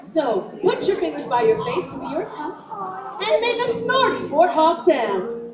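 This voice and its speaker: A woman's voice: very high voice, heavily acted. A woman playing a sassy, flirty show host who teases audience members and leads the crowd. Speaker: show performer leading the crowd. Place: large theater with a live audience. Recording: roomy, distant stage recording with music.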